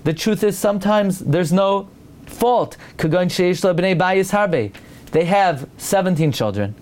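A man's voice: high voice, measured pace. A man giving a Torah class, reading Hebrew lines and explaining them in English, sometimes acting out a sneering tone for an example. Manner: animated, mimics a sneering tone for examples. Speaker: Torah teacher. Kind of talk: lecture reading a Hebrew text and translating.

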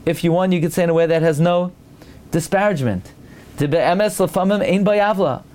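A man's voice: sits high, a little fast. A man giving a Torah class, reading Hebrew lines and explaining them in English, sometimes acting out a sneering tone for an example. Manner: animated, mimics a sneering tone for examples. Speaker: Torah teacher. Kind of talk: lecture reading a Hebrew text and translating.

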